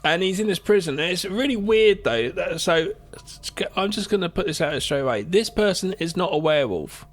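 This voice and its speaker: Lively chatty podcast man. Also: high voice, brisk. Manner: chatty, with side comments and repeated starts. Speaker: podcast co-host. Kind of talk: casual film review chat.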